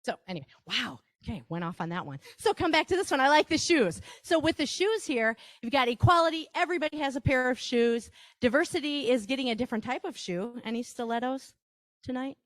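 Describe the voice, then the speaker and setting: A woman's voice: high-pitched, animated, a little fast, fairly bright tone, no room sound, clean studio sound. A woman with a Wisconsin accent giving a live workshop presentation, chatty, with asides and rhetorical questions to the audience.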